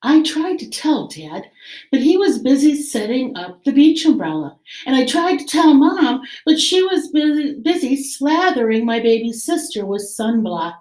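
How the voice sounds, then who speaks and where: Animated woman teacher reading aloud. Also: sits high, a little slow, roomy sound. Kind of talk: read-aloud story time for children.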